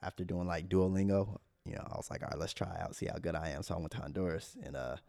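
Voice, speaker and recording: An American man telling travel stories in a relaxed, slangy casual chat. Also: low-pitched, fast, gravelly, no room sound, studio quality. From United States.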